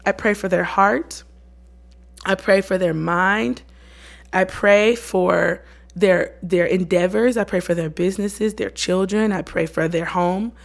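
Woman, faith podcast host, casual monologue, earnest, slangy, animated. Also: mid-range voice, slow, gravelly. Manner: conversational, lively, slangy and earnest. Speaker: podcast host and worship leader.

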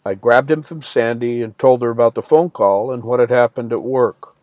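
A man's voice: medium pitch, moderate pace, a little mellow, no echo. Man narrating an audiobook, dry and close. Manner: plain storytelling, lifts his voice a little for quoted dialogue. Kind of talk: first-person audiobook narration.

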